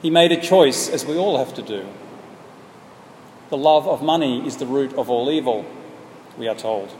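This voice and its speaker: A man telling a story as a sermon, speaking earnestly and at a measured pace. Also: medium pitch, a little mellow. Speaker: preacher. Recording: echoey hall, faint background noise.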